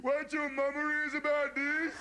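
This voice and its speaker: A man's voice: very high-pitched, completely flat delivery, normal speed, very noisy, voice pushed up. Man doing a whiny tattling little boy. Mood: whining.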